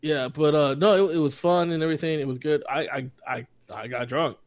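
A man's voice: a little high, fairly quick. Rambling laughing man on a dull podcast mic. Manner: rambling, laughing storyteller with stammering restarts. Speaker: podcast co-host. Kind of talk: casual chat.

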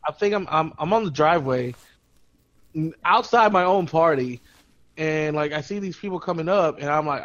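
A man's voice: on the high side, moderate pace. Young male podcast co-host, laughing and cursing through a story, muffled lo-fi sound. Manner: profane, laughing, animated retelling with quoted voices. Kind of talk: casual storytelling chat. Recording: dull lo-fi podcast audio.

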